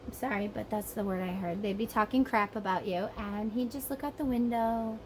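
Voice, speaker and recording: A woman with a Southern US accent and a medium-pitched voice talks a little fast on a poor recording with slight background noise. As a tarot reader, she gives a chatty, rambling psychic reading monologue, sometimes acting out the voices of people she describes.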